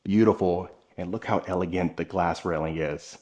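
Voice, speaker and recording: A man's voice: deep voice, steady tone, moderate pace, darkish tone. Upbeat man touring a house. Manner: enthusiastic, addresses viewers directly. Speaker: home tour vlogger. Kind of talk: walkthrough home tour narration. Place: inside a large furnished house.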